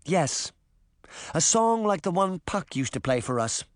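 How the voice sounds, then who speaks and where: A man voicing a quick-thinking, determined young girl in an audiobook, urgent and earnest. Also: on the high side, sing-song, no room sound, clean studio sound. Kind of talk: audiobook character voice.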